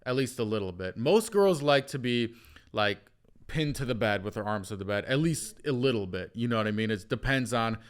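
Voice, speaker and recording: A man from Wisconsin speaking in a casual podcast chat, easygoing and reflective, with quick laughs. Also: medium pitch, expressive. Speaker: podcast guest.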